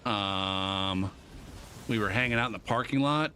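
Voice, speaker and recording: A man streaming a game, telling a story in a casual, laid-back way, swearing constantly and filling pauses with um. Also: on the low side, sharp tone, a little hiss or hum.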